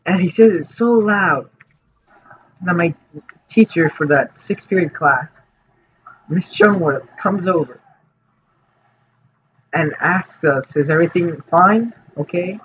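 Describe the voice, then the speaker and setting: Slow rambling guy, bright voice. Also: fairly high pitch. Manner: rambling, hesitant, with many fillers and restarts. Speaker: vlogger. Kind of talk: casual storytelling. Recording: dull lo-fi audio with faint noise.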